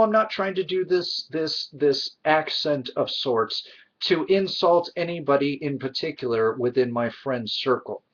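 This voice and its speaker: A man vlogger delivering a heated, indignant opinion rant to camera, emphatic and frustrated. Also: mid-range voice. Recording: dull lo-fi recording.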